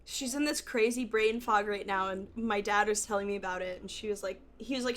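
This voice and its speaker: A woman's voice: mid-range voice, brisk, hardly any pauses, a bit bright, slight background noise. A woman co-hosting a podcast in a chatty, giggly casual conversation. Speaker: podcast co-host. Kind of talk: casual chat.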